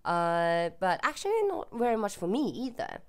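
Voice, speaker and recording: A woman's voice: medium pitch, very animated, normal speed, smooth. A young woman from Sweden with a Swedish accent, chatting casually to camera in a rambling, self-deprecating way. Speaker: vlogger.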